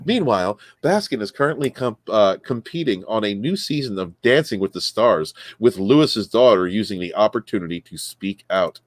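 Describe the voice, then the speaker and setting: A man's voice: on the low side, lively intonation, normal speed, few pauses, no echo. A man hosting a casual podcast, reading news stories aloud, often stumbling, correcting himself and laughing.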